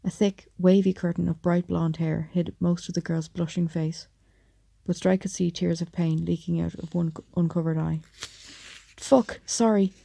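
Dark, gravelly-voiced woman narrating an audiobook. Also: lowish voice, flat delivery, normal speed.

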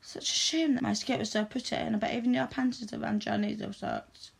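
Stern woman, gravelly and husky. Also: on the high side, steady tone, fairly quick. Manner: stern, teasing, commanding. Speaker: audio role-play performer. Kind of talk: scripted adult audio role-play.

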